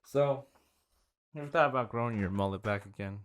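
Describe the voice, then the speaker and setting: A man with a mid-range voice co-hosts a loose comedy podcast chat. He teases the others and laughs easily. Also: mid-range voice. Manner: playful, teasing, quick to laugh. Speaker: podcast co-host.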